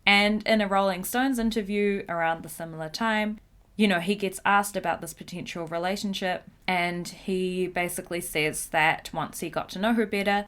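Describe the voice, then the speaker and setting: A woman's voice: lowish voice, a bit bright. A woman hosting a casual pop-culture commentary show, chatty and giggly, swearing now and then. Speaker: host.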